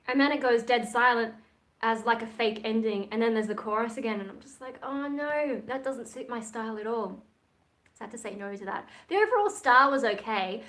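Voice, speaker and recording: A woman's voice: on the high side, fairly bright tone. A woman, chatting casually and frankly on a livestream, rambling from one thought to the next. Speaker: livestream host and metal singer.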